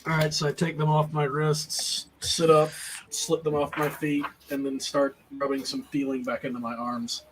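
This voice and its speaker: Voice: mid-range voice, little pitch movement, normal speed, rough recording. Player with faint background hiss. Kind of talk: casual tabletop play.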